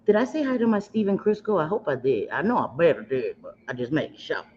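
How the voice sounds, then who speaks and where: Sitting low with a darkish tone, her voice is expressive and quick as she does her makeup live. She chats on and on, ribbing herself and welcoming viewers by pet names. The stream sounds slightly dull and lo-fi, with faint background noise.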